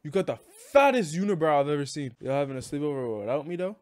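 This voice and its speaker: A man's voice: fairly high pitch, lively intonation, quick pace, no room sound. A young man roasting strangers in a casual video chat, brash and teasing, laughing often, on his own desk microphone.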